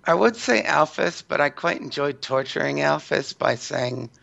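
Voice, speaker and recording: Male panelist, heavy vocal fry, dry wit. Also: a little high, expressive, moderate pace, fairly bright tone, lo-fi sound. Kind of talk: casual group chat.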